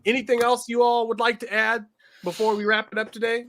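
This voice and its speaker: A woman's voice: a little high, flat delivery, a bit bright. A woman co-hosting a podcast who chimes in with short agreements and jokes. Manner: joking, quick interjections. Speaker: podcast co-host. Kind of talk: casual podcast chat.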